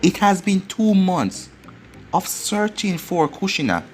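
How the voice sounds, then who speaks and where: A man's voice: high-pitched, big pitch swings, takes it slowly, slight background noise. A man narrating a fan fiction story aloud in a plain, run-on storytelling way, over faint music.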